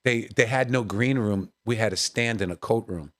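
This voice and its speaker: A man's voice: on the low side, moderate pace. A man, a comedian guest in a podcast studio, telling stories, acting out the voices in them and often adding "you know what I mean". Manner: animated, acts out the voices in his stories. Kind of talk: storytelling anecdotes in an interview.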